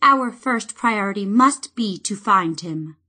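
A woman's voice: medium pitch, animated, takes it slowly, sharp tone, husky, full character voice. A woman voicing a resolute young female druid in an audiobook, firm and composed. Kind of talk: audiobook reading.

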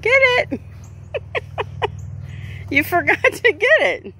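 Woman pet owner, high lively voice, coaxing and laughing at her dog poolside on a phone. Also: slow, long pauses, slight background noise. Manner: coaxing, laughing, sing-song. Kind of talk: casual chat with her dog. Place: outdoor pool.

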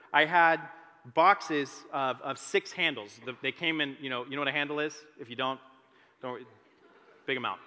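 A young man telling his own story as a sermon, animated and self-deprecating. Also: fairly high pitch. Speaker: teaching pastor. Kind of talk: testimony sermon. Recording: long reverb of a large hall.

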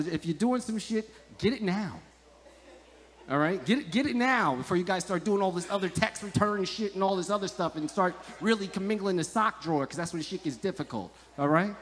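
A man doing stand-up crowd work, bantering with the audience in a loud, profane, joking way. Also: high voice. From Montclair, New Jersey. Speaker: stand-up comedian. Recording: echoey live comedy venue.

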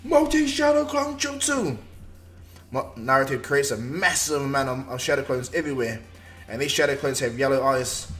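A man's voice: mid-range voice, steady tone, brisk, pushed and bright, faint music behind. A man retelling a fan-made anime story in a loose, rambling way. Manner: rambling, with fillers and restarts. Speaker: narrator.

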